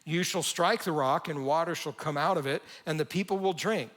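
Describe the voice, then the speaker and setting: A male pastor preaching in a church, his voice pitched a little above the usual for a man. He talks in a conversational, animated way and gives the quoted lines their own voices. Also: moderate pace. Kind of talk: sermon. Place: church sanctuary.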